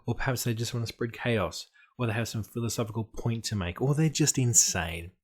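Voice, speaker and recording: A man's voice: mid-range voice, lively intonation, brisk, husky. A man giving an explanatory talk on tabletop game design, emphatic and dry, with playful asides.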